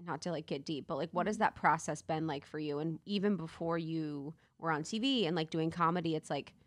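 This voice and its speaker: A woman's voice: sits low, fairly quick, dry recording, studio quality. A young woman from Ohio hosting a podcast, chatting casually and animatedly, swearing and laughing often. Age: young adult. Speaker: podcast host. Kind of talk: casual chat.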